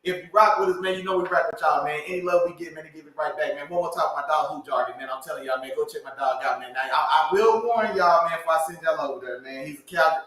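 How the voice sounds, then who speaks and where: Fast-talking hoarse man in an echoey room. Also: fairly high pitch, a bit bright, far from the mic. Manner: ends nearly every phrase with "man". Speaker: podcast co-host. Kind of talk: casual podcast shout-outs. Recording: very echoey room, away from mic.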